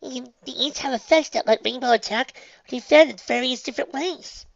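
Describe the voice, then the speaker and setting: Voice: sits high, fairly quick, vocal fry, dry recording, muffled recording, pitched above the performer's own voice. A reader voicing an eager little girl explaining a card game.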